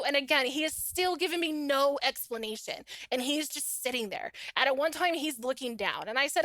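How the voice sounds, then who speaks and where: A woman's voice: high-pitched, moderate pace, dry recording. A middle-aged woman, a podcast guest, casually telling her own story and acting out the dialogue in it. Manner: animated, acts out quoted dialogue.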